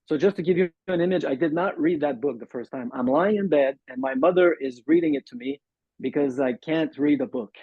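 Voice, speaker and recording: A slightly high-voiced man with lively intonation and a breathy edge talks over a muffled call, the lo-fi audio dull and dry. Born in Montreal with French as his first language, he's a guest sharing his recovery story in an interview. His manner is earnest and halting, and he acts out quoted exchanges.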